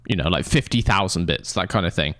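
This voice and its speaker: Young guy streaming, low voice that jumps all over, swears a lot, dry close sound. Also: animated, brisk, a bit bright, no echo. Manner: rambling, sweary, mock-indignant banter. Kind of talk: casual live-stream chat to viewers.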